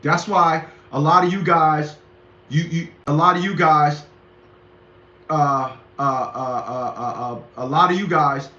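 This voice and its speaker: Middle-aged male host, preachy emphatic monologue, bright high voice, echoey lo-fi room. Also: measured pace. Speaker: commentary show host. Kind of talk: casual monologue commentary.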